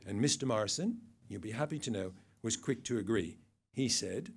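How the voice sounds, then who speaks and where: A man's voice: lowish voice, animated, moderate pace, creaky, husky. An older man giving a satirical awards speech to an event audience, dry and mocking, with wry asides. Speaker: awards presenter.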